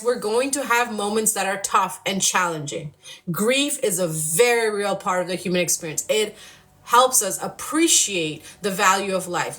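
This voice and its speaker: A woman's voice: a little high, bright, forceful tone. A woman giving card-reading spiritual guidance live, emphatic and outspoken, leading affirmations and swearing freely. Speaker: spiritual channel and card reader.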